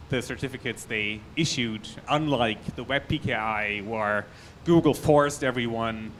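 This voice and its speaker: A man with a German accent gives a conference talk on a technical subject in a hall. His voice is medium-pitched and a bit bright, with a little hiss or hum in the recording. He speaks in a loose, chatty way, restarting sentences and tossing in asides.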